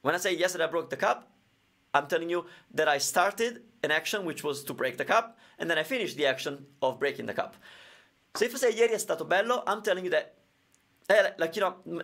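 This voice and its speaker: A man's voice: high-pitched, fairly bright tone. A man with Italian as his first language, teaching grammar in a live-streamed question and answer lesson, explaining with everyday examples.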